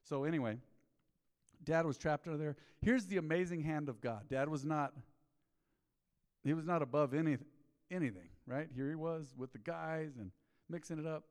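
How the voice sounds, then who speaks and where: Middle-aged male pastor, folksy sermon storyteller, slightly high voice, long church reverb. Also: moderate pace, long pauses. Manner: folksy storytelling, peppered with "man". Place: church sanctuary.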